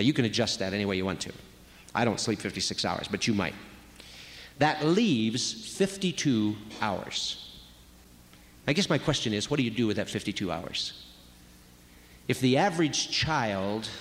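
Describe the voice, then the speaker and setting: A man giving a conversational sermon on marriage, acting out quoted voices as he goes. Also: fairly low pitch. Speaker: speaker at a marriage retreat. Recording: long reverb of a large hall.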